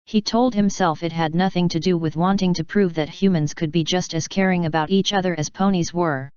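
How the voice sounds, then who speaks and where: A woman narrating a fan story in a steady audiobook reading. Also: on the low side, fairly quick, clean tone, no room sound, dull audio. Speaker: fanfiction reader.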